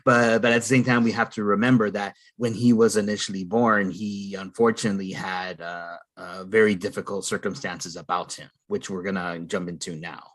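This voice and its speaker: A man's voice: fairly low pitch, steady tone, moderate pace, hardly any pauses, a bit bright. A man hosting a podcast in a casual, affirming way, often repeating words and saying uh. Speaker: podcast host. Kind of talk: casual conversation.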